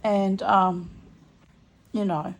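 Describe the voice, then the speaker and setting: A woman's voice: mid-range voice, level tone, very slow, vocal fry. A tired, unwell woman lying in bed, chatting casually and rambling through a story with many asides. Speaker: vlogger.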